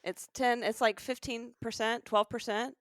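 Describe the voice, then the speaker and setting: A woman's voice: a little high, fairly even intonation, normal speed, fairly bright tone, no echo. Woman, middle-aged, from Alabama, Southern American accent, comedian co-host, rambling self-mocking chat, dry close mic. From Alabama, USA.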